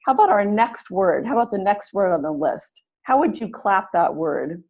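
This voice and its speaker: A woman leading an online teacher-training webinar, speaking clearly and encouragingly and exaggerating the stress on words she models. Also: mid-range voice, expressive, normal speed, a little mellow, muffled recording. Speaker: webinar facilitator.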